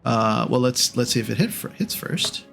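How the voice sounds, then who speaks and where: A man running a tabletop game as game master, narrating in an unhurried, rambling way with many ums and self-corrections. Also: medium pitch, expressive, gravelly, a bit bright, soft background music.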